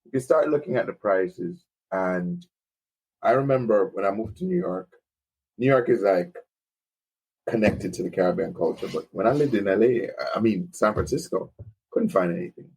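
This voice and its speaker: A man's voice: lowish voice, animated, normal speed, gravelly, darkish tone, husky, poor audio. A man with a Jamaican accent, a business founder who is a podcast guest, telling enthusiastic stories about his customers. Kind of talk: casual conversational interview.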